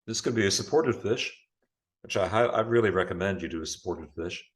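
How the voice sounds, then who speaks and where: A yoga teacher with a fairly low voice guides a live online yoga class over video call. He offers slow, calm cues on breathing and posture, sounding unhurried and encouraging.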